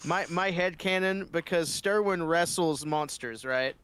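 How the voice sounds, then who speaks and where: A man's voice: on the high side, unhurried, a bit bright, clear, resonant tone. A man in casual chat as a player at a tabletop game, teasing and playful.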